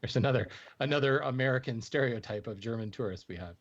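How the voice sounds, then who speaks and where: A man's voice: mid-range voice, fast talker, lo-fi sound. A man with a mid-range voice reads listener mail on a casual podcast. He is playful, laughs often and apologizes for his own jokes. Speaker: podcast co-host.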